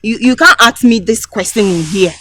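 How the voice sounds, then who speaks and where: Scolding Ghanaian woman, high-pitched. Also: moderate pace, pushed and bright, no echo. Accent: Ghanaian English. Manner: scolding, demanding, broken English. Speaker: canteen cook. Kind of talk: comedy skit acting.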